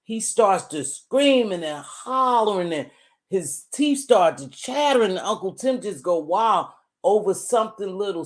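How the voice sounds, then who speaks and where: Emphatic woman vlogger chatting. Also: on the low side. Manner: animated, emphatic, repeats herself; blunt, informal. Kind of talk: casual commentary chat.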